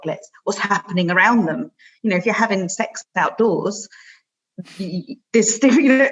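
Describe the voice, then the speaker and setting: A woman from talks in an animated way, laughing easily between quick runs of words. Her voice sits on the low side. The audio is dull and lo-fi. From London, England. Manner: animated, laughs often, fast bursts. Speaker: guest author. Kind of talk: casual interview chat. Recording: dull lo-fi sound.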